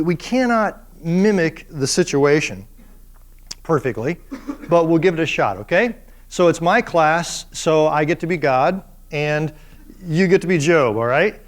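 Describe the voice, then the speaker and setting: A man professor giving a classroom lecture, animated and full of playful rhetorical questions. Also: fairly high pitch.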